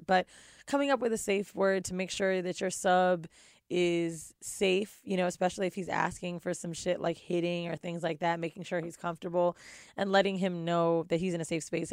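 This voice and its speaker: A woman's voice: fairly low pitch, no room sound. Woman podcast co-host, blunt and cussing, dry close sound. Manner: blunt, profane, laughs often. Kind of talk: casual podcast chat. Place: studio with guests.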